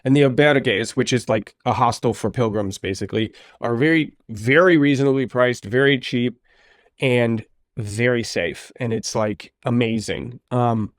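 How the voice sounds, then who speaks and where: Animated man telling stories. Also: mid-range voice, normal speed, no echo, studio quality. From United States. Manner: animated storyteller, acts out quoted speech. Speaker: podcast host. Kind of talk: conversational interview.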